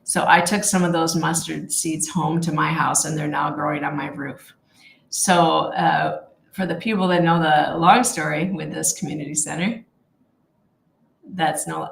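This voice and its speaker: Low gravelly-voiced woman leading Bible study. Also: fairly even intonation, fairly bright tone, roomy sound, a little hiss or hum, rough recording. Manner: heartfelt, halting, with many fillers and restarts. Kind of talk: casual livestreamed Bible study.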